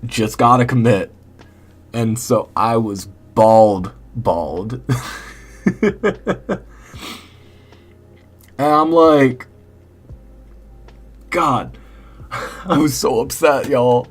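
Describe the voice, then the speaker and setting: A man's voice: mid-range voice, drawn-out words, pauses often, slightly rough. A young man chatting casually and candidly with his stream chat late at night, rambling a little and laughing often.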